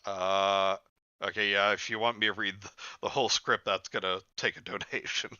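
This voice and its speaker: A man hosting a casual comedy podcast, talking in a deadpan, self-deprecating way. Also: fairly low pitch, normal speed, smooth, no echo, highs cut off. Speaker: podcast host.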